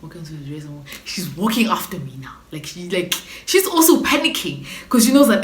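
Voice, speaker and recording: A young South African woman with a South African accent, telling a dramatic storytime vlog in slangy, animated bursts. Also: deep voice, brisk, hardly any pauses. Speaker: YouTuber. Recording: echoey room with faint noise.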